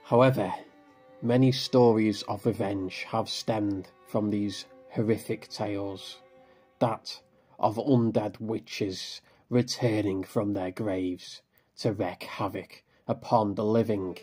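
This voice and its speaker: A man narrating a scripted horror story in a grave, measured manner. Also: on the low side, steady tone, darkish tone. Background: faint background music.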